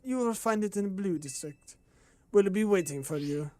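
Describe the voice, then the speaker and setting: A man's voice: sits high, lively intonation, a little mellow. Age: adult. Figure: a man putting on a French-accented gang caller. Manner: silky, threatening. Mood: silky menace. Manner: slow, silky, threatening politeness. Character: smooth menacing male gang caller, French. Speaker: streamer voicing game dialogue.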